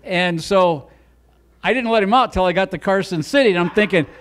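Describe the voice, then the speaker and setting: Holding a microphone on a comedy club stage, a high-voiced older man delivers a rambling, homespun set full of self-mockery. He talks a little fast with a fairly bright tone.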